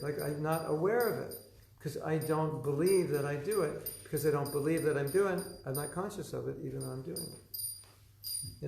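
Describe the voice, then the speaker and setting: Man with a gravelly voice, teaching. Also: on the high side, normal speed, a little mellow, reverberant, soft background music, low-quality recording. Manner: conversational, acts out inner voices, laughs often. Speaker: spiritual teacher. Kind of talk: lecture reading from his own book. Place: lecture room.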